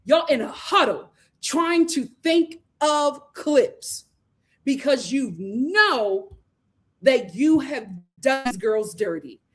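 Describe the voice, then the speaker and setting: A woman hosting a live recap show, animated and opinionated as she gives her commentary. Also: high voice, takes it slowly. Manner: animated, opinionated, acts out quotes. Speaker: host.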